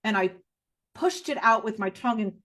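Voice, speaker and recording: A middle-aged woman speaking as a podcast guest, giving emotional personal testimony in a raw, blunt way, her voice swinging from low and hushed to high and loud. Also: animated, moderate pace. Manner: blunt, with strong profanity.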